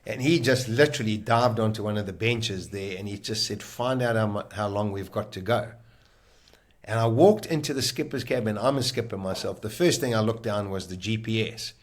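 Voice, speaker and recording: Lower-voiced man telling a wild story. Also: moderate pace. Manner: vivid, animated retelling with quoted lines. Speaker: podcast guest.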